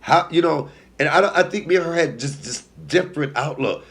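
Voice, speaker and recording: A man in his forties telling a personal story as a comedian, sassy and animated, dropping to hushed asides and rising to loud outbursts while talking straight to his viewers. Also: a little high, fairly quick, vocal fry. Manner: sassy, laughs at own lines, talks to viewers.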